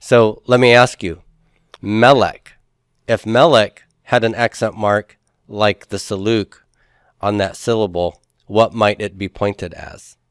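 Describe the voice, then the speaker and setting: A man lectures a grammar class in a low, resonant voice. He walks through each point patiently and quizzes the students as he goes. The sound is dry and close. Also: fairly even intonation, slow, smooth, dry recording. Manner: patient, explains step by step, asks the class questions. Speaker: Hebrew instructor.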